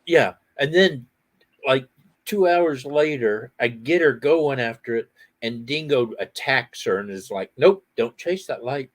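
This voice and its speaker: A middle-aged man hosting a casual outdoor chat, telling animated stories and laughing often. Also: medium pitch, a little slow. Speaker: host.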